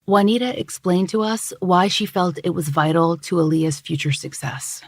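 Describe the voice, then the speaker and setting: Woman true crime host, low gravelly voice, dry close sound. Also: no room sound. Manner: measured, even narration. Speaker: podcast host. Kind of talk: scripted true-crime narration.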